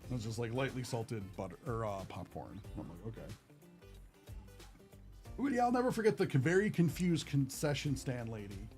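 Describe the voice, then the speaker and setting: A man's voice: mid-range voice, very animated, normal speed, darkish tone, faint music behind. A young man hosting a card-opening stream, chatting casually and rambling with lots of fillers. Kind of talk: casual chat while opening cards.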